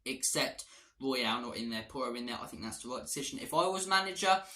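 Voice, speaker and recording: A man's voice: mid-range voice, lively intonation, brisk, sharp tone, echoey room. A man hosting a football fan channel, giving a casual match preview in a blunt, opinionated way and correcting himself as he thinks aloud.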